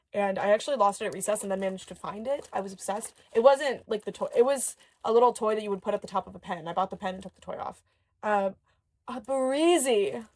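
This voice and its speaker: Chatty woman unboxing toys. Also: medium pitch. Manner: chatty, excitable, with gasps and soft murmurs. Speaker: doll collector YouTuber. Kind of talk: casual unboxing chat.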